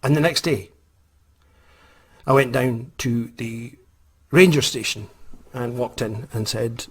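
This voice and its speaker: Husky Scottish man telling a story. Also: medium pitch, takes it slowly, long pauses. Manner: animated, self-mocking storyteller who laughs often. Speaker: author and vlogger. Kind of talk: casual storytelling vlog.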